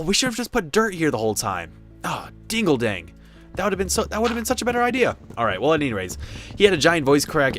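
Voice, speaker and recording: Male game host, mid pitch, casual let's-play commentary, rambling and playful with lots of tangents. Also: a bit bright. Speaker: gaming video host.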